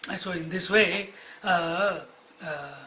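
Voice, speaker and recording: A man, a swami teaching scripture in an explanatory, storytelling lecture with frequent pauses. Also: high voice, bright, forceful tone, a little hiss or hum, rough recording.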